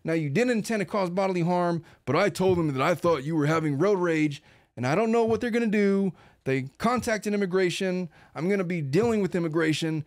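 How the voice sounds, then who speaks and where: A man's voice: fairly high pitch, brisk, a little mellow, no echo, clean studio sound, close to an everyday voice. A man reading the words of an angry woman berating her husband, in an insistent, accusing rush.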